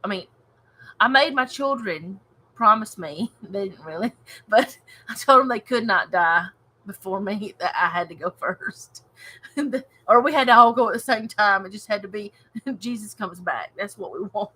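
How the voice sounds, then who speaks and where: A woman leading a casual home Bible study, reading scripture and reflecting earnestly with soft laughs. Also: mid-range voice, normal speed, husky, poor audio.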